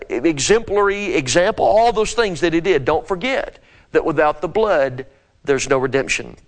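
A man preaching an earnest sermon, reading scripture aloud and stressing key words. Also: high-pitched.

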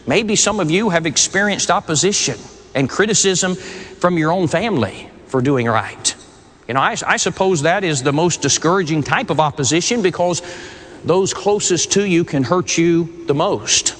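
A man with a fairly high voice preaching a sermon, earnest and conversational, stumbling over the first words of his phrases. His voice rings with a long reverb, like a sanctuary. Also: lively intonation, moderate pace, fairly bright tone, a little hiss or hum.

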